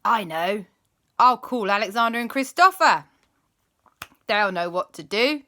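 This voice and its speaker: A friendly, helpful policeman with a Northern English accent, as a woman puts him on. He muses aloud in an earnest, puzzled way, his voice rising and falling with plenty of movement and a bright edge. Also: medium pitch, lively intonation, unhurried, voice pushed up. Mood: resolving.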